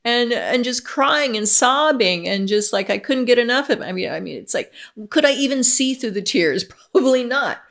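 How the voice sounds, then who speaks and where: A middle-aged woman vlogging in a gushing, excitable way, laughing often and restarting her sentences. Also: a little high, normal speed, vocal fry, hardly any pauses. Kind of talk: casual chat to camera.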